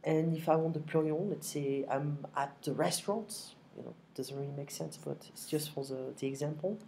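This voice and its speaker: A woman gives a patient, repetitive online lesson in a low voice. She records at home on her computer microphone, and faint clicks and keyboard typing come through in the background. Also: gravelly, dark tone, a little hiss or hum. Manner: patient, repeats phrases slowly, frequent "okay?". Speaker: French teacher. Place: home, next to her kitchen.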